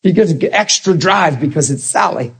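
A man preaching a sermon in a conversational, animated way, acting out the people he quotes. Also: high-pitched, normal speed, vocal fry, breathy edge, low-quality recording.

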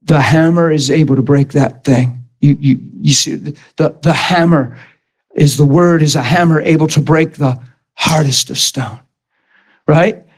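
Male preacher with a high voice, fervent sermon delivery that climbs into shouting. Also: unhurried, breathy edge. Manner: impassioned, rising to shouts when quoting himself.

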